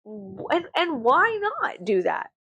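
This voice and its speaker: Woman vlogger, slightly high, very animated, nervous rambler with a salty mouth, dry close recording. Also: takes it slowly, slightly rough, dry recording, muffled recording. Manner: animated, swearing, laughing often; anxious, rambling. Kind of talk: casual chat to camera.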